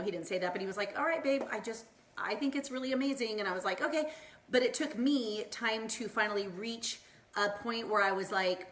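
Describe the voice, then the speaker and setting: A woman's voice: medium pitch, a bit bright, echoey room. A woman in her thirties from Southern California chatting on a live stream, bubbly and encouraging, wandering off on tangents and acting out quoted lines. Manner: bubbly, tangent-prone, acts out quoted voices. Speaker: wellness vlogger. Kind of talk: upbeat motivational Facebook Live chat. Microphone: phone or laptop mic, live stream.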